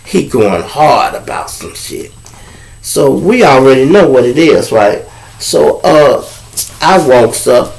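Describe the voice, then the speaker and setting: A man hosting a live show, telling a story casually to viewers and acting out every voice in the exchange. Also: mid-range voice. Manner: animated, acts out voices in dialogue, heavy profanity. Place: at home with a lamp nearby.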